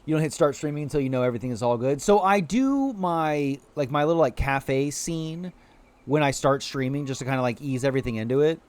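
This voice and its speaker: Streaming a game, this man keeps up casual commentary, chatting with his audience and teasing the creatures on screen, with playful tone and apologetic asides. His mid-range voice is expressive, fairly quick and a little mellow.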